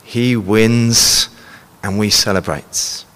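A man's voice: on the low side, steady tone, takes it slowly, a bit bright, long reverb tail. A man preaching a sermon, earnestly explaining and reading scripture passages aloud to a congregation.

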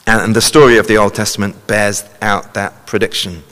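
A man's voice: fairly low pitch, steady tone, brisk, fairly bright tone, long reverb tail. A man preaching a sermon, earnestly explaining and reading scripture passages aloud to a congregation.

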